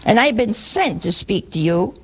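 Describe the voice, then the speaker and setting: Stern archangel, solemn, measured, husky, read by a woman. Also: mid-range voice, animated, heavily acted. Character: stern male archangel delivering a rebuke.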